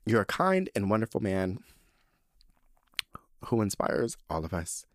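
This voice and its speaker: Deep-voiced chatty campy man. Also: sing-song, unhurried, no echo, studio quality. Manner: chatty and campy, full of fillers. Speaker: podcast host. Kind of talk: casual chat, reading listener letters.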